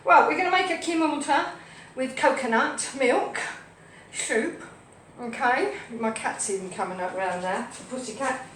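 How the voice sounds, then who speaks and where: Her voice is high and fairly bright, her pace moderate, as this woman cooks live on stream in her home kitchen and cheerfully chatters to viewers and pets alike. Captured from across an echoey room, the sound carries a faint hum.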